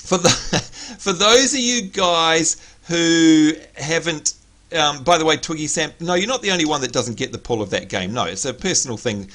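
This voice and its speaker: An excitable man hosts a casual gaming livestream, calling out viewers by name as he talks. His voice is bright and forceful, pitched slightly high, with a little hoarseness. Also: normal speed. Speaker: livestream host.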